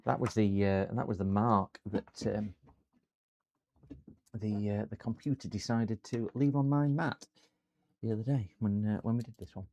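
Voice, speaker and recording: A man's voice: fairly low pitch, fairly even intonation, normal speed, mellow, dry recording, highs cut off. A man chatting through a live computer repair stream from his workshop. He rambles and talks to his viewers as he works. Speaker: repair channel host.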